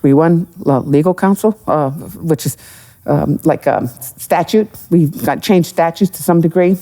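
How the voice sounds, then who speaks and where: Her voice low and her pace measured, a middle-aged woman in economic development tells animated stories as a live podcast guest, entertaining the audience with jokes and asides.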